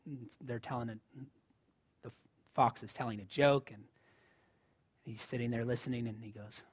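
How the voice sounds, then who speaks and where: A man's voice: medium pitch, steady tone, normal speed, slightly rough. A man preaching a sermon in a conversational style, rising to emphatic lines. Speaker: pastor.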